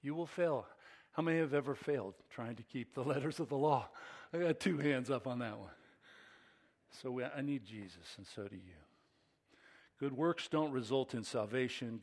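A middle-aged man preaching a sermon as pastor, swinging between hushed asides and emphatic, excited peaks. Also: mid-range voice, normal speed.

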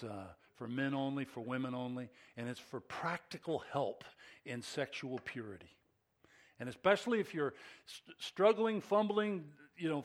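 A middle-aged man preaching a sermon as pastor, swinging between hushed asides and emphatic, excited peaks. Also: mid-range voice.

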